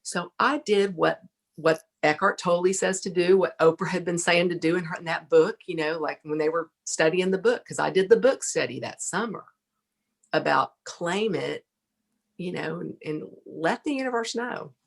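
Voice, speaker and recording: A middle-aged woman, a podcast guest, telling a lively story, laughing often and acting out what people said. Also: fairly low pitch, normal speed, gravelly. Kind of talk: casual storytelling interview.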